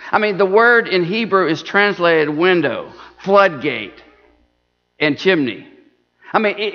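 A man preaching an earnest sermon, repeating words and restarting phrases as he goes. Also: high voice. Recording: dull lo-fi recording in a reverberant church hall.

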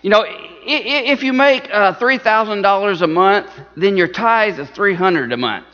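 A man's voice: sits high, normal speed, bright, forceful tone. A man preaching an earnest sermon, repeating words and restarting phrases as he goes. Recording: dull lo-fi recording in a reverberant church hall.

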